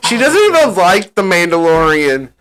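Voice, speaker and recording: A man co-hosting a casual podcast, playful and quick to laugh. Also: big pitch swings, a bit bright, clear, resonant tone. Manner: playful, laughs often, swings up and down in pitch. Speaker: podcast co-host. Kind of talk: casual chat.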